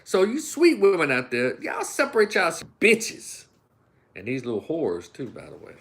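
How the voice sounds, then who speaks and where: A man's voice: fairly high pitch, moderate pace, creaky. A middle-aged man from Memphis with a Southern American accent, hosting a ranting opinion commentary and talking folksily to his listeners. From Memphis, United States. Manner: animated, acts out voices and imitations; folksy, addresses listeners as y'all. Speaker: commentary channel host.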